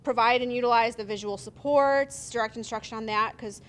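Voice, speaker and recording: A woman's voice: fairly high pitch, steady tone, a little fast. A woman social worker at a training workshop thoughtfully talks through and lists her group's ideas. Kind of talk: group share-out.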